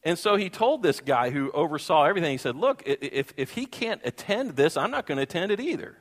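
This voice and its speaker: Pastor guy telling a story from the pulpit, slightly high voice, acts out the voices, long echo from the hall. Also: brisk. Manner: animated, acts out voices and sings. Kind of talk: storytelling sermon. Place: church hall.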